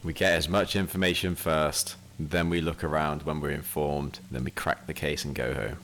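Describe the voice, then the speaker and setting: A man's voice: a bass voice, flat delivery, normal speed, fairly bright tone, a little hiss or hum. A man playing a tabletop game, rambling enthusiastically in casual chat. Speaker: player.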